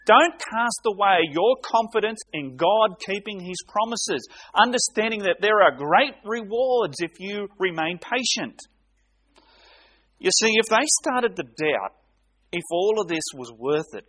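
A man preaching an expository sermon, reading scripture aloud with slow, emphatic delivery and dramatic pauses. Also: high-pitched, lively intonation, fairly bright tone.

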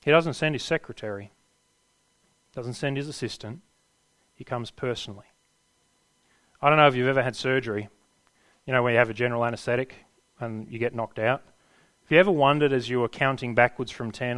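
A man's voice: mid-range voice, brisk, pauses often, dry recording. Earnest male preacher, dry close sound. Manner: earnest, rising emphasis and hushed endings. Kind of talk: sermon.

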